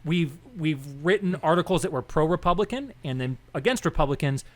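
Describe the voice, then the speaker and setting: A young man co-hosting a casual podcast, his voice sitting a little high for a man. He rambles and restarts as he goes, and he acts out the people in his stories with lively quoted dialogue. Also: brisk. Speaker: podcast co-host. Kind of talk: casual political chat.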